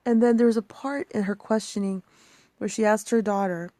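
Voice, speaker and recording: A woman in her thirties vlogging personal reflections, emotional and halting, sometimes dropping to a near-whisper. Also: mid-range voice, steady tone, warm tone, no echo.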